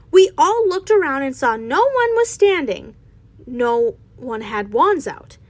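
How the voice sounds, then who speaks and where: A woman's voice: high-pitched, dry recording. A young woman reading a fanfiction story aloud in a casual way, with small slips and restarts. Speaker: fanfiction reader.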